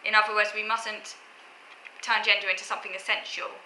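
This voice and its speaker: Bright-voiced woman lecturing in an echoey room. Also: medium pitch, flat delivery, fairly quick, slight background noise. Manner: earnest, lecturing, talks in short restarted phrases. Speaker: vlogger. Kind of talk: explaining opinions to camera. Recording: echoey room with faint ambience.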